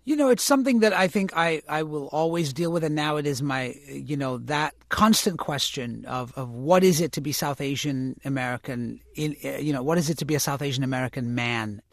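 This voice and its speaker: An actor and author, interviewed as a guest, speaks reflectively in a conversational interview, restarting often and saying "you know" a lot. His voice is on the high side and fairly quick with few pauses, in a dry, close recording, though the phrasing comes out stop-start.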